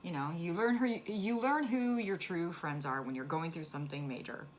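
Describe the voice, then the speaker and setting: A woman frankly telling a personal story on her vlog, halting and restarting, flaring up when angry. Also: lowish voice. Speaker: vlogger sharing a personal story. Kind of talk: candid conversational storytelling. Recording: clear background noise.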